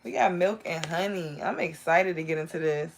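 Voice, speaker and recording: A woman's voice: on the low side, moderate pace. Enthusiastic woman giving a live tarot reading. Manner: rambling, enthusiastic, talks straight to viewers. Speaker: tarot reader.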